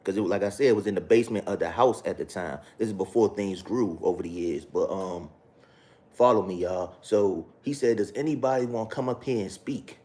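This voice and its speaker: A man with a fairly low voice tells his life story to the camera. He talks slowly and haltingly, often repeating phrases, and his speech is loose and full of street slang. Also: dark tone. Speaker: vlogger sharing his testimony. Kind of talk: casual spoken testimony.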